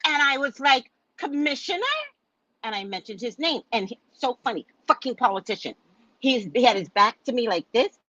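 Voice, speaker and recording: A woman's voice: a little high, a little fast, fairly bright tone, dry recording. A woman host and psychic reader telling a story in a casual, indignant, profane rant. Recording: dull lo-fi dry sound.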